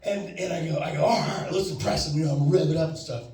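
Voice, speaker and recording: A man's voice: on the high side, racing, darkish tone, faint music behind. A man telling a stand-up story, rambling and acting out his friend's lines. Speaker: stand-up comedian. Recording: echoey room from far off.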